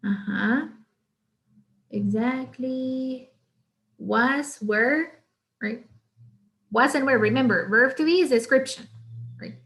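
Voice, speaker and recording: A woman's voice: sits high, takes it slowly, long pauses, a bit bright. A young woman with a Guatemalan Spanish accent teaching an online English grammar class, mixing English and Spanish and often checking in with "right?". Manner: switches between English and Spanish, frequent "right?".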